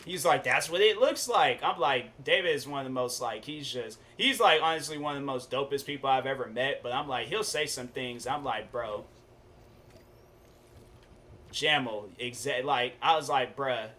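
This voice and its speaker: A young man streaming a game, chatting casually with viewers and telling stories in relaxed slang. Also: mid-range voice, a little fast, few pauses. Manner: laid-back, chatty, storytelling with slang. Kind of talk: casual gaming stream chat.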